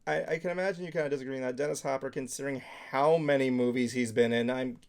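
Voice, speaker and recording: A man's voice: mid-range voice, steady tone, fast talker, darkish tone. A man co-hosting a casual podcast, talking offhand and thinking aloud as he goes. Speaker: podcast co-host. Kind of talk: casual chat.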